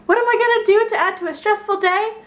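A woman's voice: very high voice, fast, fairly bright tone. A young woman chatting casually in a home vlog, rambling from topic to topic and drifting in and out of put-on accents. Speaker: vlogger. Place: at home indoors.

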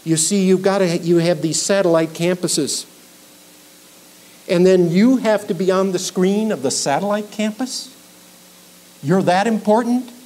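A middle-aged male pastor preaching an expository sermon, emphatic, building to loud peaks on key points. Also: sits high, a little slow, long pauses, poor audio. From Minnesota.

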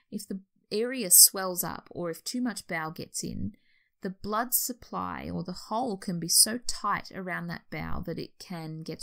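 A woman's voice: on the low side, creaky, fairly bright tone. An Australian woman, a nurse educator, explaining a history topic in an informal way, correcting herself as she goes. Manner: explanatory, with restarts and self-corrections.

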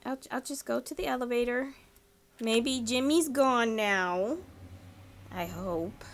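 A woman playing a horror game and chatting excitedly to herself and the characters, dropping into hushed whispers when tense. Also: fairly high pitch, slow, slight background noise. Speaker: gaming channel host.

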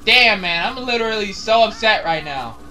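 Excitable young man swearing through gameplay. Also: high voice, moderate pace, a little hiss or hum. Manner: excitable, swears and shouts at enemies. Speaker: gaming channel host. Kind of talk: casual gameplay commentary.

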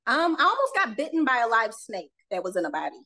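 A woman with a notably high voice tells workplace stories in an animated, casual way. She laughs often and slips into acting out the lines of the people in her stories. She sounds like a young adult guest chatting on a podcast. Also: fast talker, poor audio. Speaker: autopsy technician guest. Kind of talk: casual storytelling in a podcast interview.

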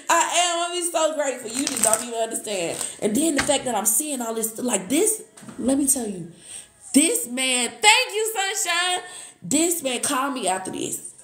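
A woman doing a live tarot reading, excitable, gasping and thanking viewers as she goes. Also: sits high, normal speed. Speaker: tarot reader. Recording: echoey room.

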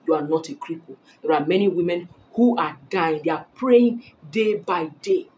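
A woman's voice: on the low side, expressive, normal speed, darkish tone, a little hiss or hum, low-quality recording. Emphatic woman giving blunt dating advice. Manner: emphatic, preachy, repeats phrases for emphasis. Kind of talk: direct-to-camera advice talk.

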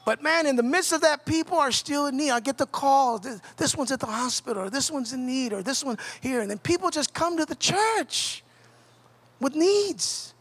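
High, bright-voiced preaching man. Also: normal speed. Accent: Southern Californian. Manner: impassioned preaching, builds to shouts then drops low. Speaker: pastor. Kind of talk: sermon.

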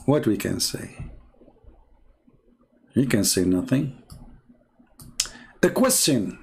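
Brief: husky male debater, lively, sarcastic, broken English. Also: fairly low pitch, slow. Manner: sarcastic, animated and incredulous; non-native English with slips. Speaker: religious debater. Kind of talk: mocking commentary monologue.

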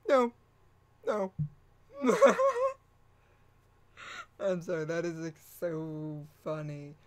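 A woman hosting her own channel, chatting casually, laughing often and restarting her sentences. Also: lowish voice. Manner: laughing, rambling, with repeated restarts. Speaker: channel host. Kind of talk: casual vlog chat.

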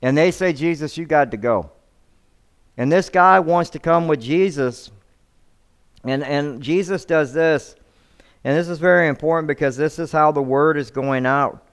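A man's voice: fairly high pitch, a little slow, clear, resonant tone. A male pastor preaching a sermon, reading scripture aloud and often repeating words as he restarts his sentences. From United States.

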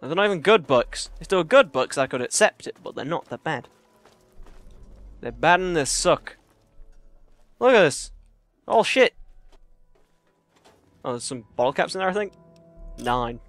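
Bright-voiced swearing gamer guy. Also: on the high side, big pitch swings, normal speed, long pauses, no echo, soft background music. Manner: rambling, profane and jokey, turns panicky yelling in fights. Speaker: let's play gamer. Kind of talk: casual gameplay commentary. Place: cramped bedroom, playing on his bed.

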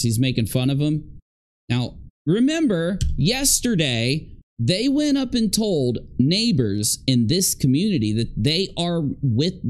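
A man giving indignant reaction commentary on video clips, stressing points by repeating them. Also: fairly high pitch.

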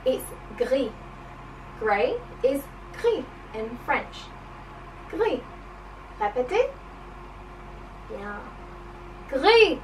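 High bouncy woman teacher doing a kids lesson, slow and cheery, bit far from the mic. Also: big pitch swings, a little mellow, slight background noise. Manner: encouraging, sing-song, playful. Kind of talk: children's language lesson.

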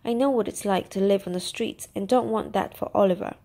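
A woman voicing a nervous, tearful young woman thief in a storybook reading, talking in quick, pleading bursts. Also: mid-range voice, warm tone, natural voice.

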